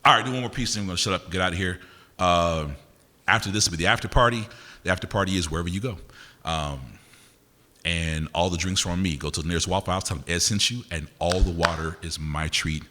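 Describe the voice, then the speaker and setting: A man's voice: low-pitched, pushed and bright. A man, a poet performing live, bantering playfully with his audience between pieces, teasing them and asking their names. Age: older adult. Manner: teasing, quick-witted, asks audience names. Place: university concert venue with audience. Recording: live hall recording with long reverb.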